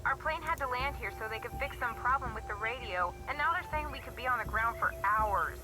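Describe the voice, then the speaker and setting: Game cast: woman voicing a wry, bored young pal on the phone, slightly high, music under. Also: brisk, close to an everyday voice, poor audio. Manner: wry, sarcastic. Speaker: video game character on a phone call.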